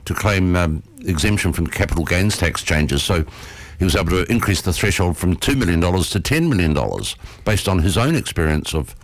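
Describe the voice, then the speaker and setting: A man co-hosting community radio, explaining things in casual chat with many pauses and fillers. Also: deep voice, lively intonation. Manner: hesitant, many ums and uhs. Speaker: radio co-host.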